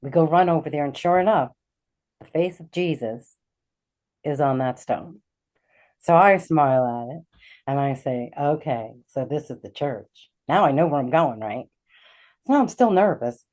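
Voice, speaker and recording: A middle-aged woman with a low, mellow voice tells a personal story as a talk-show guest. She is animated and slips into the voices of the people she quotes. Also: measured pace. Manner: animated, acts out quoted dialogue. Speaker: guest, intuitive healer.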